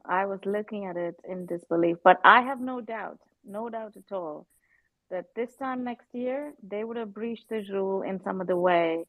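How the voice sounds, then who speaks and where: A woman's voice: fairly low pitch, creaky, darkish tone, no echo, low-quality recording. A woman giving her strong, indignant view in a casual live chat, repeating words for emphasis. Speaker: panelist.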